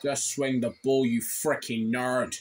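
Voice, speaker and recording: A man commenting live on his own gameplay, irritable and grumbling, with sudden shouted complaints. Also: medium pitch, flat delivery, slow, background noise. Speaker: gaming channel host.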